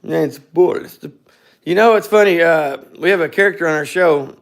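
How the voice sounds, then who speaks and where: A man's voice: on the high side, normal speed, gravelly. A man co-hosting a scooter garage live stream, chatting in a loose, joking, rambling way. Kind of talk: casual live-stream chat.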